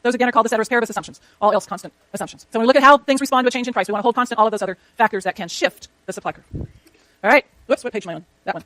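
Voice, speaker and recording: A woman lecturing a university economics class, rushing through clicker questions and talking to herself as she works her slides. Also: on the high side, fairly bright tone, no room sound. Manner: rapid, chatty, self-talk while working slides. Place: lecture hall.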